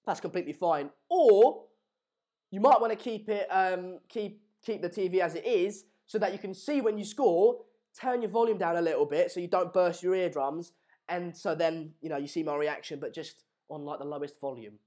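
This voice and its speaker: A man's voice: sits high, normal speed, mellow. A young man from England hosting a live football watchalong stream, reading out viewer comments and joking around with lots of fillers and restarts. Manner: jokey banter, rambling with fillers and restarts. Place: home room in Madrid.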